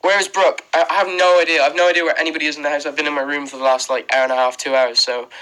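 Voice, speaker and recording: A man's voice: a little high, flat delivery, very fast, a bit bright, poor audio. A young Irish man chatting casually on a phone livestream from his bedroom, rambling with fillers as he thanks viewers one by one. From Ireland. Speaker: livestream host. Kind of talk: casual livestream chat reading comments. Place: bedroom indoors. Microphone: phone held close.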